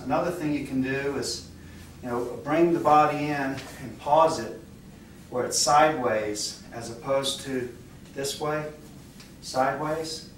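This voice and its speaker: A male dance instructor demonstrating moves while he explains, talking in a relaxed, halting way with many fillers and restarts, recorded by a far camera mic in a dance studio. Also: medium pitch, a little hiss or hum. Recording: very echoey room, off-mic.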